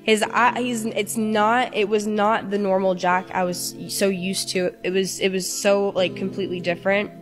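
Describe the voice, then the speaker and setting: A woman giving an emotional, halting personal account in an interview, acting out quoted lines as she tells it. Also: mid-range voice, little pitch movement, soft background music.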